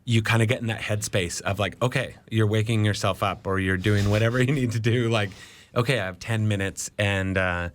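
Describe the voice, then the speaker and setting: A man, a musician guest in a radio studio, telling stories in a relaxed, laid-back way. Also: lowish voice, a little fast, a little hiss or hum. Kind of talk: casual interview chat.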